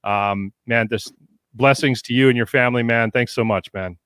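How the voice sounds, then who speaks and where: A man's voice: medium pitch, fairly even intonation, normal speed, clear, resonant tone, no room sound, clean studio sound. A man hosting a casual podcast who jokes around, thanks his guests and teases the others. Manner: jokey, warm banter, thanks guests. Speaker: podcast host. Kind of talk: casual chat.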